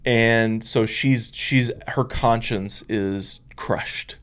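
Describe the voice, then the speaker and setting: A man's voice: mid-range voice, fairly even intonation, very slow, fairly bright tone, clean tone. A man, a minister co-hosting a podcast, telling stories emphatically in casual chat. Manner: storytelling, emphatic, acts out quoted voices.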